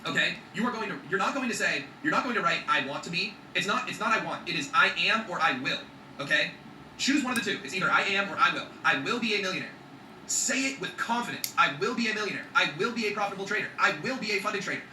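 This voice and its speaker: Fast-talking, bright-voiced motivational man. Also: high-pitched, animated, reverberant, recorded from a distance, slight background noise, low-quality recording. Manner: emphatic, swears freely, keeps checking in with "okay?". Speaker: vlogger. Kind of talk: motivational vlog talk.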